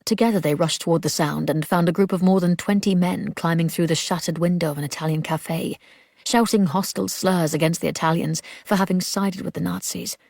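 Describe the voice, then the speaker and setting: A woman narrating an audiobook in a measured, steady storytelling manner. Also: fairly low pitch, gravelly, no echo, clean studio sound. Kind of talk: scripted narration.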